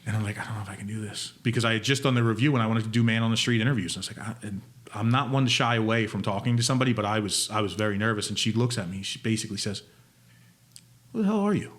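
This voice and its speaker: A man in his thirties, a podcast guest who tells animated stories and jokes in casual chat. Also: lowish voice. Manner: animated storyteller, quick to joke. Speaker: podcast guest, food content creator.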